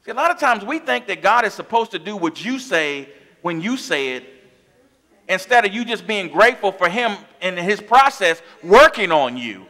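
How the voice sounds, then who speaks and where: A man's voice: sits high, very animated, moderate pace, sharp tone. A man preaching a sermon as pastor of his church, impassioned, with call-and-response asides to the congregation. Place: church sanctuary.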